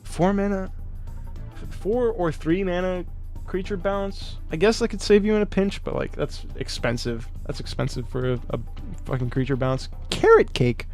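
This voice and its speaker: Excitable, profane male streamer. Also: sits high, normal speed, faint music behind. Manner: profane, excitable, laughs often, reads card text and reacts to chat. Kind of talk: casual live-stream chat, reading card text aloud.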